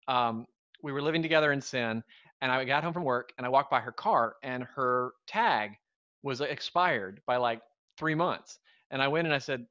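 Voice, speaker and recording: A man's voice: medium pitch, sharp tone, dull audio. A man in his thirties from the Southern US, co-hosting a live stream in a wry, rambling, joking way. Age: 30s. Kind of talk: casual live stream chat.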